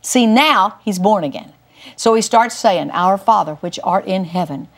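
A woman's voice: animated, a little slow. Emphatic older woman teaching scripture. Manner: emphatic storyteller, swings pitch up for emphasis. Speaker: Christian teacher. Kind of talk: testimony-style Bible teaching.

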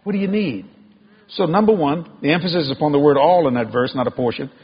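A man preaching a sermon, telling stories in a folksy, animated way with laughing asides and bursts of loud emphasis. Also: fairly high pitch, fast talker, slightly rough. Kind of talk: storytelling sermon. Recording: muffled lo-fi sermon recording.

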